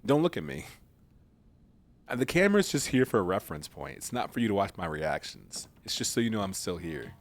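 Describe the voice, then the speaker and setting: A man's voice: lowish voice, sing-song, a little fast, slight background noise. A man casually commenting while streaming a video game, joking and laughing often. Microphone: desk mic with webcam.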